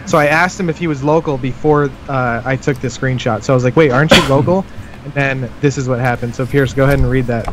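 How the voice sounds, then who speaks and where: A man's voice: medium pitch, fast talker, very noisy. A man hosting a casual chat and leading into the next segment. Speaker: podcast host.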